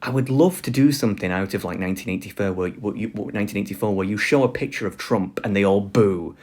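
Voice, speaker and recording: A man's voice: lowish voice, fast, a little mellow. A man giving a casual online lecture, loose and full of fillers, often laughing.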